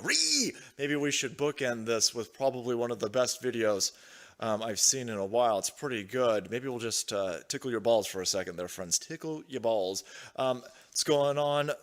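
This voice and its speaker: A man hosting a casual live-stream show from home, rambling loosely with crude jokes and frequent laughter. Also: mid-range voice. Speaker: livestream show host.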